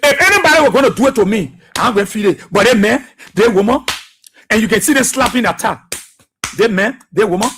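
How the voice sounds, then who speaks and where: A man's voice: high voice, animated, a little fast, a bit bright, slight background noise. A man giving impassioned political commentary as a radio talk show host, repeating phrases for emphasis.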